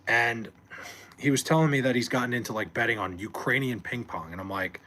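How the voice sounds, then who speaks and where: Speaking in an expressive mid-range voice that's fairly quick and a bit bright, the man streams from home late at night through a desk mic. He rambles, curses freely, and reads his chat out loud in a loose, casual way.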